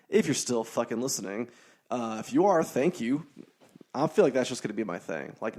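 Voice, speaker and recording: Young male podcast host, gravelly, average pitch, loose and profane, lots of ums and likes. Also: a little mellow. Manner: rambling, profane, storytelling with many fillers. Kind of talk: casual solo podcast monologue.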